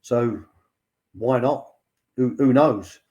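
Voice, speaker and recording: A man's voice: mid-range voice, drawn-out words, warm tone, dull audio. An older man, a former football academy director, chatting as a guest and retelling stories with many fillers and repeated "he said.". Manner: chatty storyteller, lots of "he said" and fillers. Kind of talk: anecdotal casual chat.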